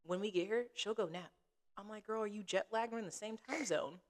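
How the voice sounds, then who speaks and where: Animated woman telling a story. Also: medium pitch, brisk. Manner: animated storyteller, acts out quoted lines. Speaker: podcast co-host. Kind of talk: casual storytelling chat.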